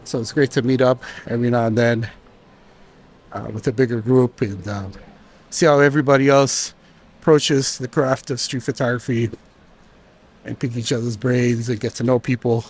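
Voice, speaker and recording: A man vlogging, telling a relaxed story with many fillers and restarts. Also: mid-range voice, moderate pace. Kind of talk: casual storytelling narration.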